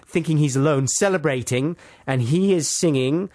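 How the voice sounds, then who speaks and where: A radio show co-host retells a fairy tale for comic effect on a comedy talk show, rambling off into tangents, asides and caveats. His slightly mellow voice is on the high side and moves at a moderate pace. It's studio-quality sound with no room noise.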